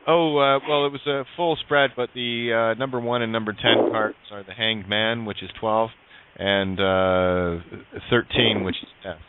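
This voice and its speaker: A man's voice: fairly low pitch, steady tone, measured pace. A male radio show host talking casually on a call-in show, rambling with many fillers and turning blunt and profane when annoyed. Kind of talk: call-in talk show chat. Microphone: headphones and studio mic. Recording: tinny phone-like line with faint hiss.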